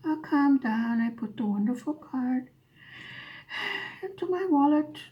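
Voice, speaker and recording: A woman's voice: sits high, animated, slow, lo-fi sound. A woman vlogger telling a story in a dry, sarcastic way as she chats over her craft. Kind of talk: casual storytelling while diamond painting.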